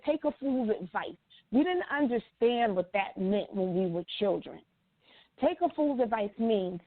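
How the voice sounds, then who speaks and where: A woman co-hosting a casual talk show, blunt and animated and swearing freely. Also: on the high side, dry recording. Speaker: co-host. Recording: dry tinny phone-like sound.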